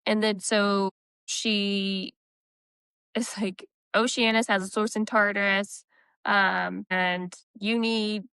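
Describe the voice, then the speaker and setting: A woman co-hosting a casual book-club podcast, retelling chapters in a quick, chatty way. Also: mid-range voice, little pitch movement, bright, forceful tone, clear, resonant tone, dry recording. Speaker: podcast co-host.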